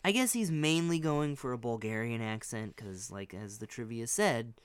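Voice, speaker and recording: Lively hedging podcast co-host, a man. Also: medium pitch, moderate pace, clear, resonant tone, no room sound. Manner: rambling, hedging, many restarts. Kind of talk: casual chat.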